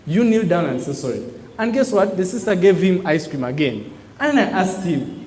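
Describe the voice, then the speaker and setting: A man's voice: high-pitched, fairly quick, slight background noise. A man giving a motivational business talk to a live audience, calling out prompts for the crowd to answer. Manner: call-and-response preaching, emphatic, animated. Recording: echoey hall with long reverb.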